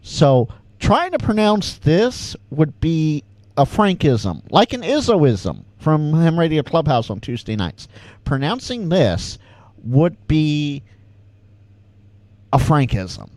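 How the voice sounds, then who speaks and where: Host type: Californian man with a light Southern twang, slow unhurried delivery, lively pitch, dry close mic. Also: no echo. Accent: slight Southern American twang. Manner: chatty, reads chat aloud, stammers and repeats words. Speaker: ham radio livestream host. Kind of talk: casual livestream Q&A chat.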